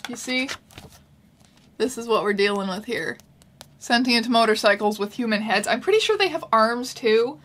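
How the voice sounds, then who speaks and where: A woman hosting a comedic book reading with wry, deadpan asides. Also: on the high side, moderate pace. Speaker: YouTube host.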